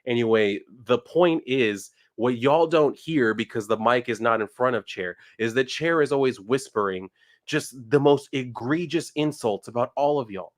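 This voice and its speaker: A male streamer chatting casually on a live stream, reading out viewer messages. His pitch swings widely as he gets worked up, and he swears freely in a loose, joking way. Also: normal speed. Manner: animated, swearing, reads chat aloud.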